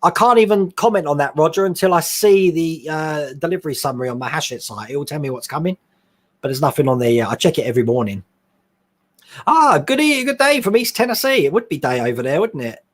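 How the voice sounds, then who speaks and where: A man with a fairly high voice hosts a live stream, chatting casually about his hobby. He reads viewer questions off the screen and answers them in a loose, friendly ramble, laughing often. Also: expressive, a little fast. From England. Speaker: host of a scale modelling live stream.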